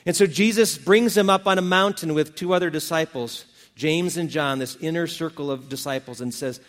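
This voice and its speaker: A man's voice: a little high, moderate pace, few pauses, big-room sound. A male pastor preaching a sermon, retelling scripture stories in a casual, folksy way.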